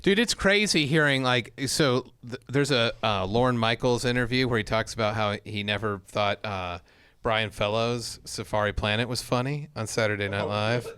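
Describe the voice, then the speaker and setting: A man co-hosting a comedy podcast, throwing in quick jokes and asides. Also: mid-range voice, fairly bright tone, clear, resonant tone, no echo. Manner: joking, quick interjections. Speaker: podcast co-host. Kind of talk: casual comedy podcast banter.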